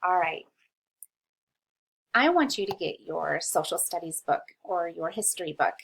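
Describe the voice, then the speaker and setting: Reading a history lesson along with children, a woman teacher patiently sounds out every word at a slow pace. She has a fairly low, creaky voice with lively intonation and a breathy edge, captured in a rough recording.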